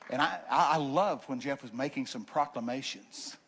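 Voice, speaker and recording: An older man preaching from the pulpit, telling folksy stories in an animated way, with joking and loud bursts. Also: medium pitch, normal speed, husky. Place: church sanctuary.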